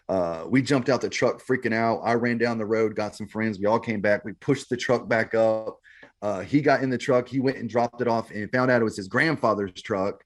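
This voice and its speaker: A man's voice: lowish voice, normal speed. A man guest on a podcast, telling his story in a laid-back, slangy way, often saying "man" and "bro". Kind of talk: casual storytelling.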